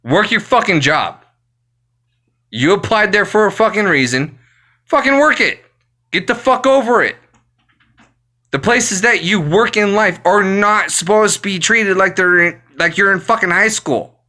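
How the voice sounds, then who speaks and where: Fired-up ranting man, bright voice. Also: sits high, moderate pace. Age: adult, works full time. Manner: angry, swearing constantly, exasperated. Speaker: vlogger. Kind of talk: profane ranting monologue.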